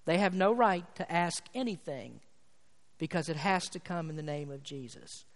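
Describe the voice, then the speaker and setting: A man's voice: on the high side, animated, moderate pace. Emphatic male pastor in reverberant sanctuary. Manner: emphatic preaching, building to fervent climaxes. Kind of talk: sermon. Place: church sanctuary. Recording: long hall reverb from church sanctuary.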